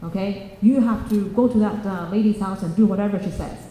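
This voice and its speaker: A woman voicing a bossy, scheming stepmother who gives brisk commands, in a children's story told in an echoey church hall. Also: mid-range voice, mellow, slight background noise, lightly acted. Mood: commanding.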